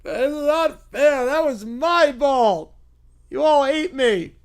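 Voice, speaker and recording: A man's voice: extremely high pitch, expressive, takes it slowly, voice pushed up, heavily acted. A man voicing a whiny, sulky little boy bear who complains nonstop. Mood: whining. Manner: whining, complaining.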